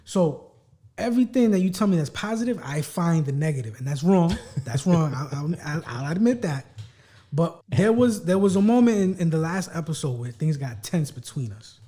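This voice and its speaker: A man co-hosting a podcast talks bluntly and teases his friend, swearing freely. His voice sits a little high but sounds mellow and relaxed. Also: moderate pace. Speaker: podcast co-host. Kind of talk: casual chat.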